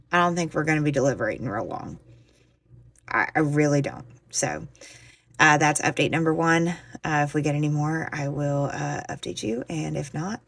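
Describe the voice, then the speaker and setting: A woman's voice: low voice, gravelly, no room sound. A young woman, chatting casually with fillers and restarts in a true crime video update. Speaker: true crime content creator.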